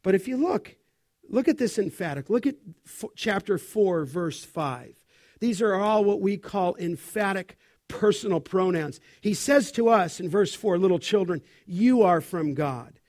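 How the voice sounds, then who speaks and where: A man's voice: high-pitched, expressive, a little slow, darkish tone. A middle-aged male pastor preaching an expository sermon, stressing key words and asking the congregation questions.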